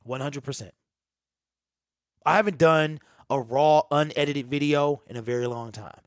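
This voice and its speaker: A man whose voice is on the high side and smooth talks at a moderate pace, recorded dry in a clean studio. As host of his own sports talk channel, he pours out a raw, unedited monologue to viewers, repeating himself with earnest, emphatic emotion.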